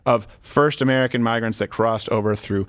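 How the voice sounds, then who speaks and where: A man hosting a talk show, giving opinionated comedic commentary in a sarcastic, animated way that slips into acted-out dialogue. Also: medium pitch, a little fast.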